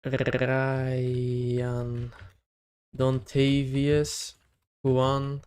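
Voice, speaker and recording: A man's voice: medium pitch, fairly even intonation, takes it slowly, long pauses, clear, resonant tone. A young man on a casual live stream, chatting to his viewers and reading out their names one by one. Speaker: livestreamer running a giveaway.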